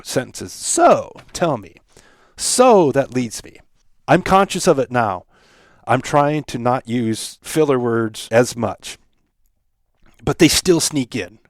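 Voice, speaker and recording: A man's voice: medium pitch, dry recording, studio quality. A middle-aged man hosting his own podcast, talking through lessons in a reflective, conversational way. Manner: reflective, conversational, acts out quoted examples. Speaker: podcast host. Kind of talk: solo podcast monologue.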